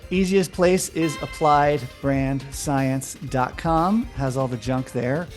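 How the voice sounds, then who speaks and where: A man with a mid-range voice, guesting on an interview podcast. He answers in a lively, enthusiastic way, restarting his phrases now and then as his thoughts run ahead. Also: medium pitch, slow pace, soft background music. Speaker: interview guest, brand strategist. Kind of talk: casual conversational interview.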